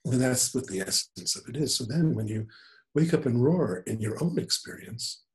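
A man in his seventies, a spiritual teacher talking in an unhurried, gentle storytelling manner. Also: medium pitch, expressive. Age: 70s. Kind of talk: spiritual conversation.

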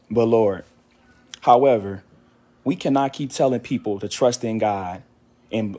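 A man's voice: on the low side, takes it slowly, pauses often, warm tone. A man giving an earnest, repetitive faith exhortation to his channel, a little out of breath from walking.

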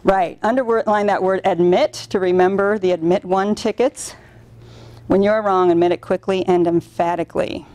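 A middle-aged woman presenting a business training workshop to a room of contractors. She tells stories in an animated way and acts out what people said. Her voice sits at an ordinary, mid-range pitch. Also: normal speed. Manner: animated storytelling with acted-out quotes. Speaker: workshop instructor.

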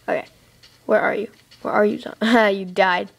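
Woman, rambling game commentary, gravelly fry, middle pitch, tablet mic, bursts of squealing excitement. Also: takes it slowly, slight background noise. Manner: rambling and chatty, with sudden excited squeals and giggles. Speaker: let's play host. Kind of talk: casual gameplay commentary. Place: dark room, sitting in a big armchair. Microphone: tablet microphone.

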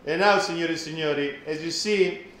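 A man's voice: fairly high pitch, normal speed, fairly bright tone, echoey room, slight background noise. A man with an Italian accent hosting a live cooking class, joking and exclaiming in Italian.

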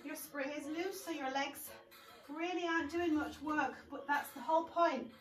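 A woman's voice: high voice, steady tone, normal speed. A woman leading an exercise class, upbeat and encouraging as she counts reps and lets out cheery whoops. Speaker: fitness instructor. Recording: echoey room, voice from a distance. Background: background music.

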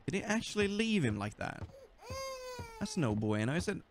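Lively Swedish man commenting on a game. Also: a little high, moderate pace, background noise. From Sweden. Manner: animated, joking, talks to the game. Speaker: gaming YouTuber. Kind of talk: let's play commentary.

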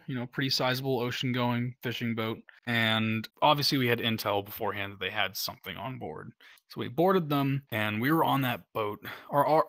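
Male veteran from the United States, casual storyteller, filler-heavy and chuckling, with a sharp, bright tone. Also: mid-range voice, no room sound. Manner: rambling, heavy use of "like" and "um" fillers; laughs while telling stories. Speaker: Coast Guard veteran guest.

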